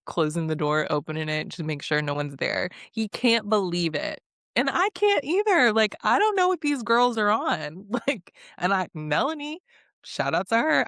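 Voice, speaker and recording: A woman's voice: fairly low pitch, fairly bright tone, no room sound, clean studio sound. A young woman hosting a casual, sarcastic recap vlog, chatting and laughing often. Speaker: recap host.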